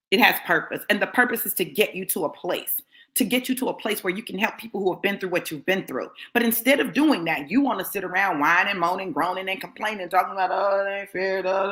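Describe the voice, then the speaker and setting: A woman with a mid-range, fairly bright voice preaches a fiery sermon as a motivational preacher. Blunt and confrontational, she hammers each point home with emphatic repetition.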